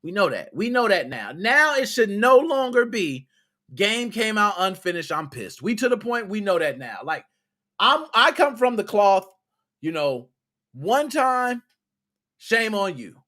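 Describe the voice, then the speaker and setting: High, animated ranting male podcaster. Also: measured pace. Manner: heated, exasperated, scolding; casual slang with cursing. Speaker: podcast host.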